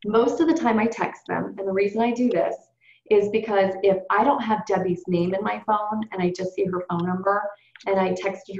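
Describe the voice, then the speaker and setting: A woman's voice: mid-range voice, a little mellow. A woman leading a sales team training call, coaching in an upbeat, chatty way and addressing the group directly. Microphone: call or webinar. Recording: roomy, dull conference call audio.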